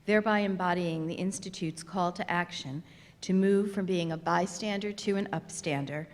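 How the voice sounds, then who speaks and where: A woman hosting a conference, reading formal prepared remarks in a measured way. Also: lowish voice. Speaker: event host. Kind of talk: scripted formal announcement. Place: large theater. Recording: reverberant theater hall.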